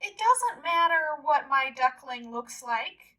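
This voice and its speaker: A woman's voice: high-pitched, very animated, takes it slowly, sharp tone, far from the mic, full character voice. A woman voicing a protective mother duck who firmly scolds others in a storybook. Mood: scolding. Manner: firm, scolding.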